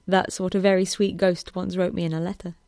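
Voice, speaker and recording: A woman voicing a soft-spoken, playful young man in a read-aloud story. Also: lowish voice, little pitch movement, fairly quick, no echo, studio quality, lightly acted.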